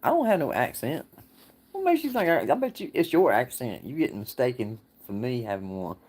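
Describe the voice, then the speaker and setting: A man's voice: medium pitch, big pitch swings, a little fast, darkish tone, slightly rough. A man talks in a casual livestream chat. He rambles in a folksy way, answering viewers and laughing often. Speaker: livestream host.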